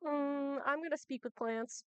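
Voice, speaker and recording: High-voiced woman playing dnd, slow steady talk, laughs a lot. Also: no echo, lo-fi sound. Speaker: player. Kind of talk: casual tabletop play.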